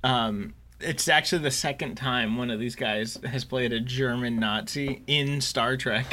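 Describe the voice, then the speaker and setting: A man co-hosting a fan podcast, laughing often and swearing in quick asides. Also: mid-range voice, pushed and bright, slight background noise. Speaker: podcast co-host. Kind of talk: casual chat.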